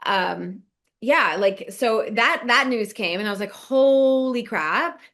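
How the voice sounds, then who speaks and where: A woman's voice: mid-range voice, a little slow. A middle-aged woman from Nebraska, co-hosting a podcast and telling a story casually, acting out quoted lines and laughing often. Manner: animated, laughs often, acts out quoted dialogue. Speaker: podcast co-host, business coach.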